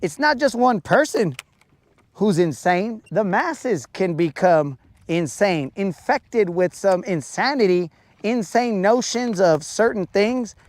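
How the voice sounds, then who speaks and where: A man talks on a live fishing stream in an unhurried, drawn-out way, hamming up a mock-serious rant. His voice sits at an ordinary middle pitch. The sound is close and dry. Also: expressive, no room sound. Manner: playful mock-serious ranting, drawn-out words. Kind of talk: casual live-stream chat. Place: outdoors on a lake while fishing.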